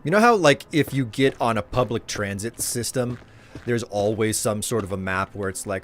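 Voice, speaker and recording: A man's voice: fairly low pitch, normal speed, faint music behind. A male streamer talking casually to his chat while gaming, rambling and friendly toward viewers. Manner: rambling, chatty, warmly addresses viewers.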